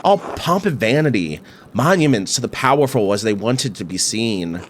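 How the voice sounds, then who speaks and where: A man's voice: lowish voice, big pitch swings, normal speed, a little hiss or hum. Weary middle-aged painter who feels lost, tired confessional tone, read by a man. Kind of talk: reading game dialogue aloud.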